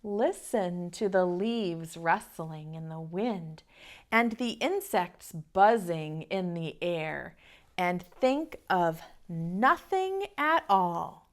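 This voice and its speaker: A lazy, unbothered male lizard from a picture book, speaking in a drowsy, soothing way, as a woman reading aloud puts him on. He draws out every word very slowly. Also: mid-range voice, very animated, gravelly, fairly bright tone, heavily acted. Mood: calm.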